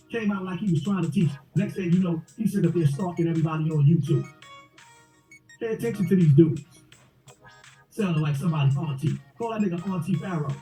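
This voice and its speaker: A man's voice: high-pitched, dark tone. A man delivering a mocking rant and repeating his taunts over and over. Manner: repetitive, taunting. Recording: roomy, distant mic with faint music.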